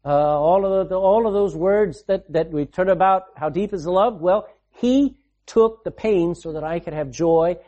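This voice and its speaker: A man preaching a sermon, repeating phrases for emphasis and swinging between loud and hushed delivery. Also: sits high, moderate pace, hardly any pauses, dull audio.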